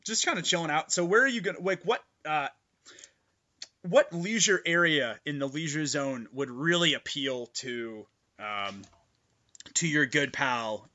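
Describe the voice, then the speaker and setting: Bright, excitable male game master. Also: a little high, unhurried, muffled recording. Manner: excitable, gushing, many fillers. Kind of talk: narrating a tabletop game.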